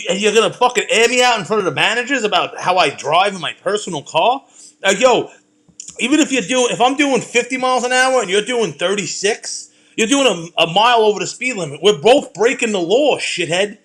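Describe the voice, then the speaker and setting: High and a bit bright, this middle-aged Brooklyn man's voice drives a casual talk show he hosts. As a podcast host, he rants and rambles profanely, telling heated stories.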